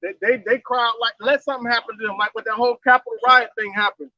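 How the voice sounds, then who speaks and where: A man's voice: very high voice, fairly even intonation, quick pace, sharp tone, dry recording. A man in a religious discussion, speaking in a preachy, emphatic way and closing his points with "man" or "all right". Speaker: Bible study participant. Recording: dull lo-fi sound.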